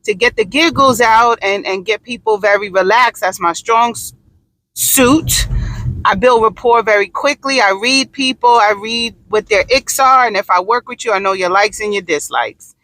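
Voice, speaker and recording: A woman's voice: mid-range voice, normal speed, bright, forceful tone, rough recording. A woman, talking casually in a personal vlog, rambling and repeating herself with many restarts. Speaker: vlogger.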